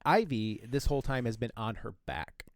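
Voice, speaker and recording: A man co-hosting a podcast, casually recounting a book's plot with halting fillers and frequent laughs. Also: medium pitch, lively intonation. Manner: laughs often while telling. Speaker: podcast co-host. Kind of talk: casual chat retelling a book.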